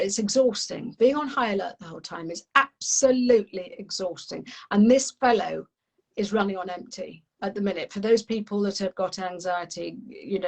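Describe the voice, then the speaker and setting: A woman, a parenting coach, explaining calmly in an animated, friendly conversational way. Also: mid-range voice, vocal fry, poor audio. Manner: animated, acts out little voices, friendly teaching tone.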